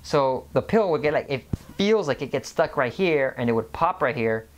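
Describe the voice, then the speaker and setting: Casual vlogger of Mexican background, rambling monologue, mid-pitched voice, lots of restarts. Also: animated, normal speed. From Mexican family background. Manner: rambling, many restarts and repeated words. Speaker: health vlogger.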